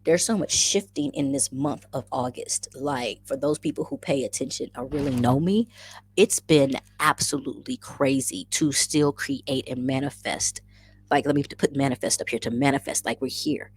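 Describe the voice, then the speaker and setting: A woman's voice: extremely low pitch, normal speed, husky. A woman hosting a casual livestream, effusively greeting viewers by name and chatting through the comments, often repeating her phrases. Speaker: livestream host.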